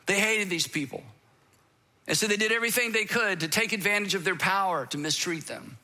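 Bright-voiced preacher telling a dramatic story. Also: male voice, high-pitched, brisk. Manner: dramatic storytelling, swinging from emphatic to whispered. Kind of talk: sermon.

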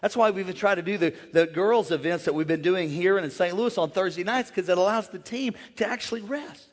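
A man who is a pastor, preaching a lively sermon and calling out to the congregation to join in. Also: high voice, brisk. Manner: energetic, playful call-and-response with the crowd. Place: large church. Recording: long church hall reverb.

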